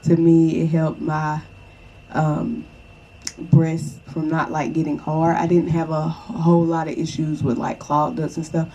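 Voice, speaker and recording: Young woman, casual vlog advice, mellow warm tone, reassuring, chatty. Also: sits low, completely flat delivery, measured pace, dull audio. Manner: chatty, reassuring, repeats "okay?" to the viewer. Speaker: vlogger.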